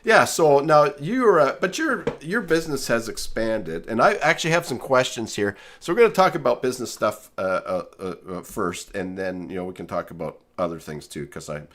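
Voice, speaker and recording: A man's voice: medium pitch, animated, normal speed, few pauses, a bit bright. A man hosting a casual live stream from his studio, talking in a rambling way with many fillers and restarts. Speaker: host. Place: home studio.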